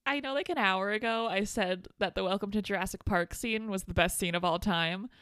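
A woman's voice: mid-range voice, a little fast, a bit bright, smooth, no echo, clean studio sound. A woman co-hosting a podcast in a casual film chat, emphatic, swearing often and laughing. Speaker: podcast co-host.

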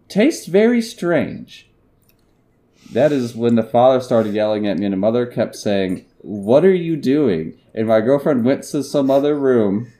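Young guy w a low mellow voice reading a story off the internet deadpan, laughs here and there. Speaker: podcast host reading internet stories. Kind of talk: casual podcast chat and story reading.

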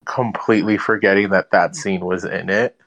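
A man with a fairly low voice co-hosts a casual podcast chat. He tells stories in an animated way and swears casually. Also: moderate pace. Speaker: podcast co-host.

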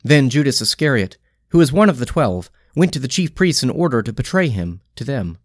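A man reads scripture slowly, pausing after each phrase in a liturgical cadence. His voice sits in an ordinary middle range. The sound is dry and close, with no room around it. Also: mid-range voice, very animated, no room sound. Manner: slow, phrase-by-phrase liturgical delivery. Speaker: scripture reader. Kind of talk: measured scripture reading.

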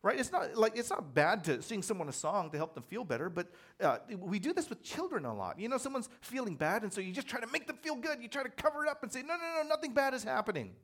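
A man preaching a sermon in a conversational, animated way, telling personal stories with self-deprecating humor. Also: extremely high pitch, quick pace, few pauses. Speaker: pastor.

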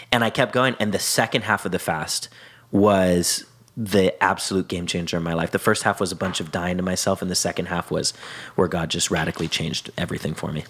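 Low-voiced man telling a faith story. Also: a bit bright, breathy edge. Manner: earnest storytelling, quotes prayers and scripture. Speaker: podcast co-host. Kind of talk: casual Christian podcast chat.

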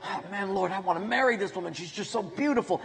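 A man's voice: sits high, quick pace, gravelly, a bit bright. A man playing a flustered, stammering young seminary student who is smitten. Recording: echoey hall with long reverb.

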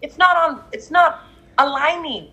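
A woman's voice: high-pitched, lively intonation, a little slow, bright, forceful tone, poor audio. A woman in casual chat, talking animatedly and acting out the people she quotes. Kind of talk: casual chat about astrology.

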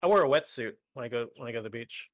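A man's voice: medium pitch, expressive, racing, dry recording, clean studio sound. A man co-hosting a live stream talk show, bantering with jokes at his own expense. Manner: joking, self-deprecating banter. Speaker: podcast co-host. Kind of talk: casual chat.

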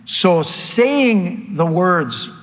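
A man's voice: sits high, sing-song, drawn-out words, fairly bright tone, big-room sound. A man preaching a sermon as pastor, emphatic and firing off rhetorical questions, getting worked up at times.

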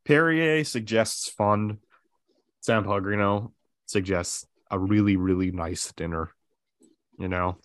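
A man's voice: fairly low pitch, slow pace, dry recording. A man hosting a podcast, chatting casually with lots of "like" and "uh" fillers. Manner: relaxed, filler-heavy, many "like" and "uh". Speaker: podcast host. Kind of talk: casual chat.

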